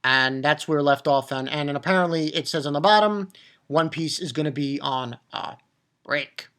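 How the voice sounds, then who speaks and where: A man recapping and reviewing a cartoon episode in a casual, excitable way, swearing freely and stumbling over restarts and fillers. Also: fairly high pitch, normal speed. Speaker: anime reviewer.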